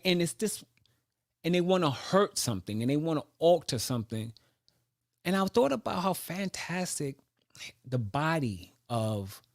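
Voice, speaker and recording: Reflective man musing aloud, slightly high voice. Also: no room sound, clean studio sound. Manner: reflective, searching, with many restarts. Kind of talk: personal monologue.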